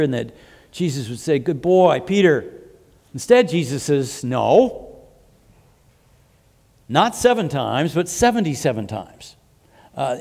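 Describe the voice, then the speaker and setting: A man's voice: fairly high pitch, a little mellow. A male pastor preaching a sermon, explaining scripture with asides and frequent restarts. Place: church sanctuary. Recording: long hall reverb.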